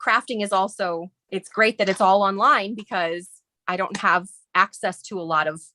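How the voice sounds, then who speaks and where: This guest designer from Southern Illinois, near St. Louis, explains a stencil project in a casual craft demonstration, friendly and chatty with frequent laughter. Her mid-range voice is bright and forceful, delivered at a moderate pace.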